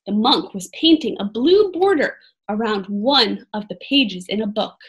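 A woman reading a storybook aloud as a lesson, expressive and stopping to ask children for predictions. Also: mid-range voice, measured pace.

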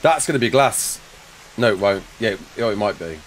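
A man's voice: lowish voice, animated, normal speed, a little hiss or hum, poor audio. A man streaming a survival game live, chatting casually, laughing often and joking with chat as he builds.

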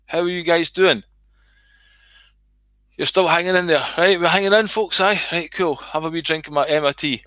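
A man's voice: fairly high pitch, moderate pace, pauses often, pushed and bright, no room sound. A middle-aged Scottish man reading his comedy skit aloud on a livestream, swearing freely and chatting to viewers.

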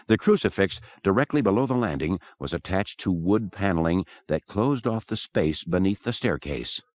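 A man narrating a horror audiobook in an expressive, dramatic manner. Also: deep voice, moderate pace. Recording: dry close recording.

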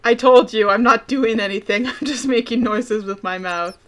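A woman co-hosting a gaming channel, chatting casually and thinking out loud, rambling and giggly as she plays at home on her computer. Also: a little high, normal speed, a little hiss or hum, poor audio. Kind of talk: casual gameplay chat.

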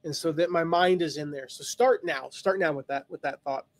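A man's voice: fairly high pitch, normal speed. A man hosting a live online lesson, talking through ideas with many restarts. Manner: rambling, thinks aloud with many restarts. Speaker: host.

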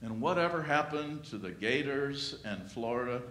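A pastor preaching a sermon in a church, with a slow, dramatic delivery that swells and then drops to a hush. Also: male voice, mid-range voice, animated, slight background noise. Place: church sanctuary. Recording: echoey church room.

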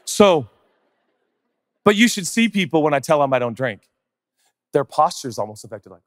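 A male pastor preaching a sermon, animated and conversational, firing off rhetorical questions and chatty asides. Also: a little high, a little slow, pauses often, dry recording, studio quality, long reverb tail.

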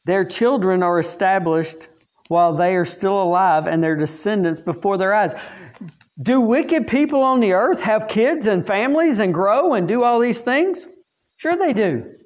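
A man's voice: high voice, animated, a little slow. A man teaching a Bible lesson to staff, folksy, asking the class questions and answering them himself.

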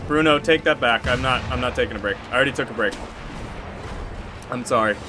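A man streams a game and talks to his chat in an average-pitched voice, swearing freely and flaring into rage. Game music plays clearly behind him. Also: a little fast. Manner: swearing, raging, laughing at himself. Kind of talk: live gaming stream commentary.

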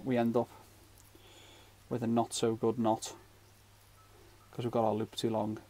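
A man's voice: medium pitch, completely flat delivery, a little slow, mellow. Give me a chatty man casually showing how to tie fishing knots, cracking little jokes. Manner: chatty, rambling, jokey asides. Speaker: fishing channel host. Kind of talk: casual knot-tying tutorial.

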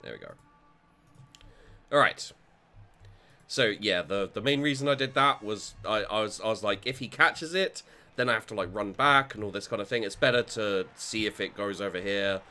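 A man's voice: fairly low pitch, expressive, normal speed, pushed and bright. A man talking through his own game as he plays, thinking aloud and swearing freely. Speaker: gaming channel host. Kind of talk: let's play commentary.

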